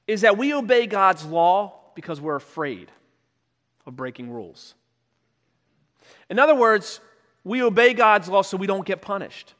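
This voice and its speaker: Preaching to his congregation, a high-voiced male pastor sounds conversational, and the church's long reverb rings around him. When he dramatizes stories, he switches into loud, shouted voices.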